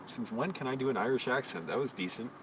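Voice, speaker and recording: A man's voice: mid-range voice, fast talker. Weary rambling man vlogging outdoors. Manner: rambling, crude and self-deprecating, tired. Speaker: vlogger, homeless filmmaker. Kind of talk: rambling casual vlog. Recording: distant mic with traffic noise.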